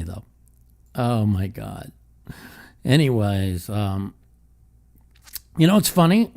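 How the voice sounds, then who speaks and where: A man's voice: on the low side, lively intonation, slow, vocal fry, long pauses, dark tone. Blunt, profane male call-in host. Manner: blunt, profane, laughs often. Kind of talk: casual call-in talk.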